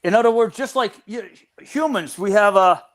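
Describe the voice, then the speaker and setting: An older man with a notably high voice speaks as an interview guest. He explains ideas step by step, often circling back and restarting his phrases as he thinks. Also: normal speed. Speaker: cryptozoology researcher guest.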